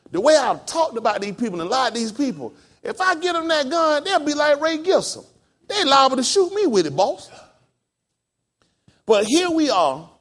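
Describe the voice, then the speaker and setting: A pastor in full sermon mode, a man whose voice sits high and swings widely up and down. He preaches emphatically and keeps firing questions at his congregation. The sermon comes from a house of worship.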